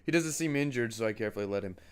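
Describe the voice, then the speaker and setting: A man streaming a game, reading its text aloud and thinking aloud in a halting, casual way. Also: medium pitch, expressive, clean tone.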